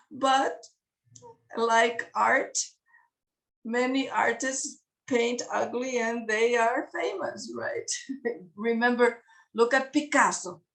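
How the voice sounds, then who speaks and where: A woman gives a slow, careful English lesson to beginners, repeating simple words and laughing between them. Her voice sits fairly high and is picked up from a little distance. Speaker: English teacher. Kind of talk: slow classroom explanation to beginners.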